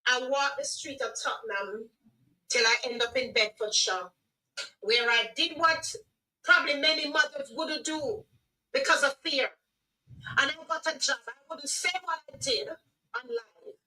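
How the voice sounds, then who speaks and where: A middle-aged woman with a Jamaican accent, earnestly telling her life story as a guest, with halting restarts. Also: sits high, expressive, pushed and bright, recorded from a distance, poor audio. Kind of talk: personal testimony on a radio livestream.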